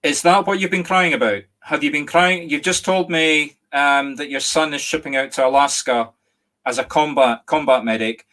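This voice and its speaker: A middle-aged Scottish man, a medium giving a live reading online, speaking gently and apologetically with many restarts and a catch of emotion. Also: on the high side, steady tone, moderate pace. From Scotland. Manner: emotional, near tears at times. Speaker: psychic medium.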